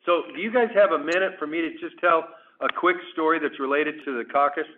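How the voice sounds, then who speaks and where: A man's voice: fairly high pitch, brisk, a little hiss or hum. A man, a congressman guest, telling a chatty anecdote and acting out the dialogue. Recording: tinny phone-like line.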